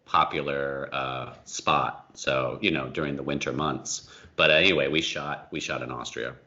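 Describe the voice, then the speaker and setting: A man's voice: a bass voice, steady tone, moderate pace, bright, forceful tone, highs cut off. A man chatting as a guest on a podcast, rambling and self-mocking with lots of fillers. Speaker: podcast guest, film director. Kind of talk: casual chat.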